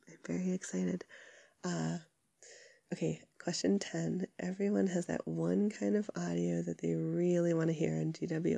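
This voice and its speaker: A young woman with a sick voice chatting casually to her listeners from her couch, rambling with lots of fillers and soft giggles. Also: fairly low pitch, vocal fry, dry recording.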